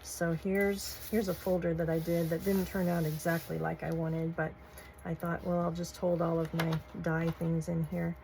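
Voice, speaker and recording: A woman, gushing softly as she shows off craft supplies in a casual vlog. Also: on the low side, little pitch movement, moderate pace, gravelly, slight background noise, rough recording. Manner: gushing, soft-spoken, folksy. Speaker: crafting channel host. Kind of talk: casual show-and-tell vlog.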